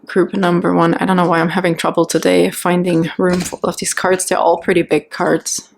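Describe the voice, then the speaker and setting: A woman giving a pick-a-card tarot reading, talking gently and reassuringly as she muses on each card and keeps checking in with "okay?" and "right?". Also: fairly low pitch, little pitch movement, fairly quick, creaky, a little hiss or hum. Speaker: tarot reader.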